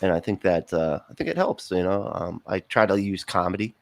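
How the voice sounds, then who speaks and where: Low-voiced man chatting loosely. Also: brisk, gravelly, no echo. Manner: rambling, lots of fillers and laughs. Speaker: podcast guest. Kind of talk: casual podcast chat.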